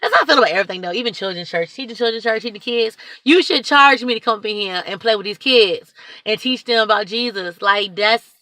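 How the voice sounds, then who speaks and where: A woman who volunteers at a church food pantry, talking to camera in a chatty, excitable, rambling way. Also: fairly high pitch, fast talker, dry recording. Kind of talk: casual talk to camera.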